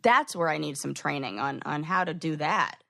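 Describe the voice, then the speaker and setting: A woman's voice: sits low, moderate pace, gravelly, sharp tone, dry recording, studio quality. A woman co-hosting a podcast in casual chat, acting out quoted phrases as she explains. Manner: chatty, acts out quoted phrases. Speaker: podcast co-host.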